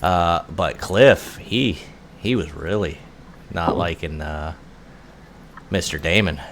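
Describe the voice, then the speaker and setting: A deep-voiced man chats casually as game master of a tabletop session. He is relaxed and laughs easily. A faint hiss runs under his home recording. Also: takes it slowly. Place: home room.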